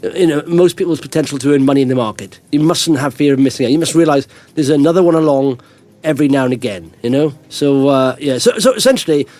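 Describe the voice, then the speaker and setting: A man's voice: a little high, fast talker, a little mellow, no echo. A middle-aged man hosting a podcast, telling rambling anecdotes in casual chat and chuckling often. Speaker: podcast host.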